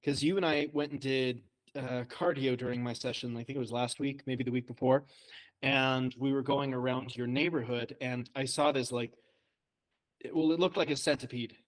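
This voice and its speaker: A man's voice: mid-range voice, fairly even intonation, moderate pace. Man telling a story on a podcast. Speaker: podcast co-host.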